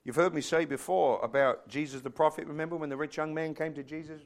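A man preaching with fervor, his voice sitting a little high for a man. He drives his points home and swells into loud, emphatic bursts. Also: steady tone, fast. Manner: fervent, rising to shouts. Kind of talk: sermon.

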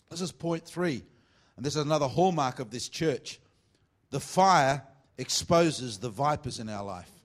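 In this sermon, a male pastor with a mid-range voice teases and jokes with his congregation, then shifts into emphatic preaching. Scripture passages get a slow, deliberate reading.

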